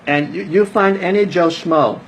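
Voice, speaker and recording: A man's voice: sits high, moderate pace, slight background noise, rough recording. A man, a network marketer, giving a casual motivational talk to his team, emphatic and preachy, repeating phrases for stress.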